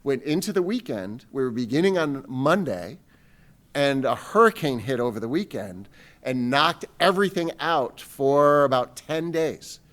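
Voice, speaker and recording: A man's voice: medium pitch, expressive, a little slow, a bit bright. A man, a school superintendent, giving a rambling, self-deprecating welcome speech to parents.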